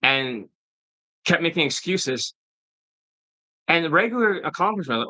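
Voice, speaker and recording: A man's voice: on the high side, big pitch swings, moderate pace, pauses often, bright, forceful tone, dry recording, low-quality recording. A man who works as a dating coach, giving a profane, combative and mocking monologue in a casual style.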